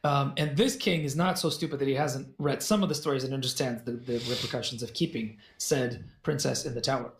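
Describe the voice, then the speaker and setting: A man telling a fairy tale as a podcast guest, in an animated, jokey way with asides. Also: mid-range voice, a little fast, few pauses. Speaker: guest storyteller. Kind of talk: casual storytelling in a podcast conversation. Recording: roomy echo.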